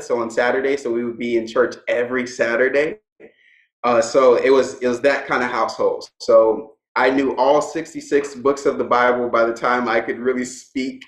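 A young man speaks as a guest in a relaxed, conversational interview. His voice sits in a middle register, and his storytelling is easygoing and punctuated with laughter. The recording has a noticeable echo, as if he is in a bare room. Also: mid-range voice, moderate pace.

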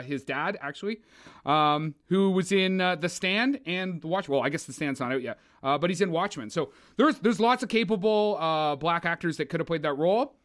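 Podcast co-host, male, higher voice, blunt and expressive film critic. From Canada. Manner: opinionated, animated, swears, mocks with put-on voices. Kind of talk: casual film review chat.

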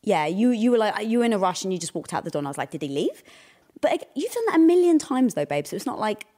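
A woman's voice: mid-range voice, sing-song, rapid-fire, mellow. Chatty woman talking casually with her partner. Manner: chatty, many fillers. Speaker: co-host in couple's chat. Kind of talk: casual chat.

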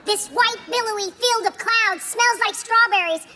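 Giddy little fly, squeaky and bright for a comedy sketch. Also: female voice, moderate pace, slight background noise. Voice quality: squeaky, high, cartoonish. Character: giddy, silly talking fly, small and excitable.

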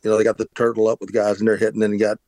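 A man's voice: lowish voice, monotone, racing, a little mellow, no room sound, rough recording. A middle-aged man, telling a long rambling story about his past as an interview guest, with many restarts and fillers. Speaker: interview guest, former pitcher. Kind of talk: casual storytelling.

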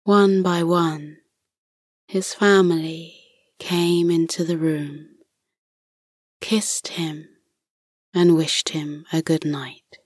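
Very slow, soft-spoken woman storyteller. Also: deep voice, steady tone, no echo, studio quality. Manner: soft and hushed, often whispering. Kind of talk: bedtime story narration.

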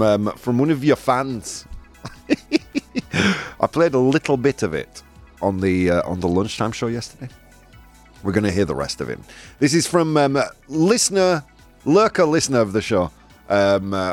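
Lively jovial man hosting a show. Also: lowish voice. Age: 40s. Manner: jovial and playful, laughs often. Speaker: host. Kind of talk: live show hosting chat.

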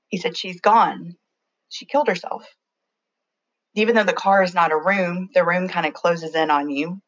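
Low-voiced woman recounting a loss. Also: muffled recording. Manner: halting, reflective, with many restarts. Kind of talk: personal storytelling.

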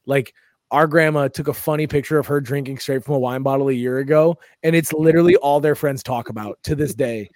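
A man co-hosting a comedy podcast, telling stories in a casual, animated way and acting out the voices of people he quotes. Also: mid-range voice, brisk, no room sound, clean studio sound. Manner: animated storytelling, acts out quotes. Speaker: podcast co-host.

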